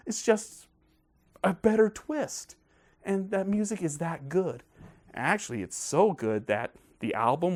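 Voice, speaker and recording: A man hosting a casual film review video, talking in a gushing, excited way. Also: on the high side.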